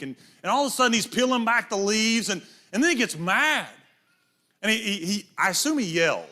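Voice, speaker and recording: A man's voice: sits high, expressive, fairly quick, pushed and bright. A middle-aged man preaching a sermon in a church, telling stories and acting out voices in quotes. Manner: storytelling, acts out voices in quotes.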